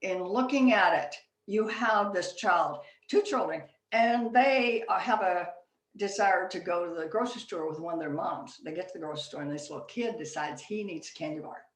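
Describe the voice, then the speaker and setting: A woman with a lowish voice speaks at normal speed, giving a workplace leadership presentation at a chapter meeting. She talks conversationally and tells stories, using frequent fillers. The room is echoey and she is distant from the mic.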